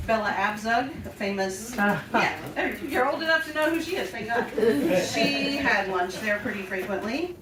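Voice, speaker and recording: A woman's voice: fairly high pitch, animated, normal speed, crowd noise. An older woman telling a personal story on stage in a chatty, self-deprecating way, often laughing. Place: small storytelling venue stage. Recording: roomy live stage sound, distant and noisy.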